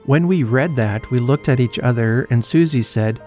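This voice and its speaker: A male podcast host narrating a classic story in a measured, dry storytelling manner. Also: mid-range voice, a little mellow, soft background music.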